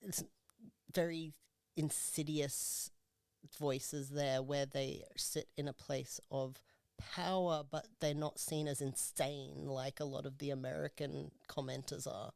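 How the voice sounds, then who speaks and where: A man's voice: fairly high pitch, flat delivery, slow, creaky, darkish tone, smooth, no room sound, studio quality. A man co-hosting a podcast, chatting in an easygoing way, laughing readily and sometimes trailing off mid-thought. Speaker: podcast co-host. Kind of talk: casual podcast chat.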